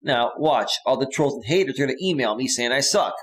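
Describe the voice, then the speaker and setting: Male live-stream host, casual and chatty, talks straight to his viewers at a middle pitch. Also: lively intonation, a little fast, rough recording. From San Francisco Bay Area. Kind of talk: casual live stream chat reading comments.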